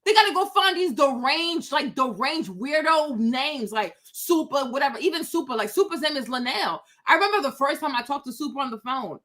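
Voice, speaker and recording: High bright-voiced woman ranting on a livestream. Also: expressive, brisk, hardly any pauses. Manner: emphatic, repeats rhetorical questions. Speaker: livestream host. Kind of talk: opinionated livestream commentary. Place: outdoors.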